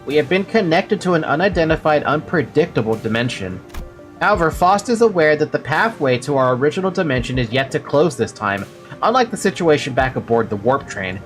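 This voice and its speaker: A streamer reading as a calm, formal woman genius. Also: medium pitch, close to an everyday voice. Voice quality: formal, measured. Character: calm, precise female genius researcher. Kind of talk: reading game dialogue aloud on stream.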